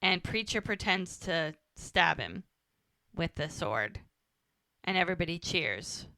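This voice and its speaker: Bright-voiced woman animatedly recapping. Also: fairly low pitch, measured pace, no echo, clean studio sound. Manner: animated retelling, quotes characters' lines. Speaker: podcast co-host recapping an episode. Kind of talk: casual chat.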